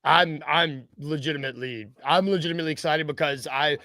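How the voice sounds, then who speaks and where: Gravelly-voiced man, playful podcast co-host. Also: a little high, fairly quick, bright, forceful tone, no room sound, clean studio sound. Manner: playful, rambling, laughs easily. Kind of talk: casual sports podcast chat.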